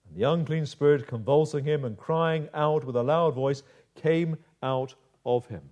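Dramatic, slow-building male preacher. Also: fairly high pitch, a little mellow. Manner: dramatic, measured delivery with slowed emphasis. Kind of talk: sermon.

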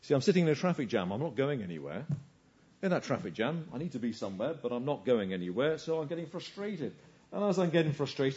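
A man preaching a sermon. He asks rhetorical questions and swings between hushed lines and forceful emphasis. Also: on the high side, sing-song, fairly quick, highs cut off.

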